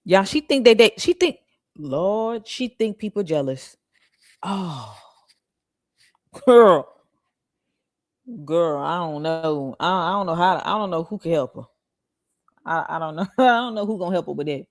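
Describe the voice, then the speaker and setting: A woman hosting reaction commentary, animated and laughing, firing rhetorical questions at her viewers, with features. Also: on the low side, normal speed, dry recording, studio quality. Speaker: commentary channel host.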